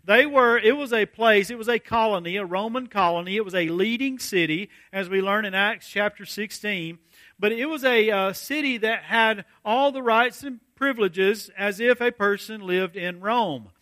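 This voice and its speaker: Male pastor, bright high voice, dry close mic, measured expository preaching. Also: no echo. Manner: measured, deliberate, slows to stress key phrases. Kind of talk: expository sermon reading scripture.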